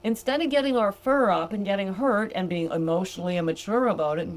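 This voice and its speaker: A woman's voice: mid-range voice, quick pace, few pauses. Older woman, podcast sobriety coach, casual and talkative, laughs easily. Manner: warm, chatty, laughs easily, addresses listeners as gals. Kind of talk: casual podcast monologue reading from a book.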